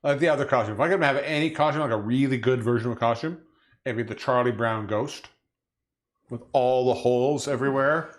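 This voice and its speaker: A man's voice: mid-range voice, brisk. A man co-hosting a casual comedy chat show who jokes around playfully and laughs a lot. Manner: playful, joking, laughs often. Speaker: co-host.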